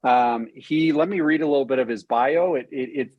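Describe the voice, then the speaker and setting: A man hosting an interview over a video call from a cabin, talking with eager, excited energy and plenty of restarts. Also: mid-range voice, moderate pace, no room sound, muffled recording. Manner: enthusiastic, with frequent restarts and fillers. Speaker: podcast host. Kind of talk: casual interview chat. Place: cabin home in Utah.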